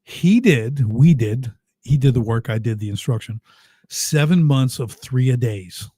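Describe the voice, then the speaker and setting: A man in his fifties, a podcast guest telling family stories in a lively, emphatic way that turns emotional at moments. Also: mid-range voice, measured pace, breathy edge, no echo, studio quality. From United States. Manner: lively, emphatic storyteller who gets choked up. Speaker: podcast guest, business coach. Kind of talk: casual storytelling in an interview.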